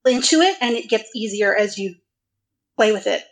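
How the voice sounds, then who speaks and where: A woman's voice: mid-range voice, animated, normal speed, rough recording. A woman role-player in a casual panel discussion, self-deprecating and hedging with "like".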